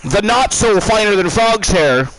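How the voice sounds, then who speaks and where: Canadian man, stream host, high lively voice, drags out words in mock outrage. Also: a little slow, slight background noise, poor audio. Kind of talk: casual game-stream commentary.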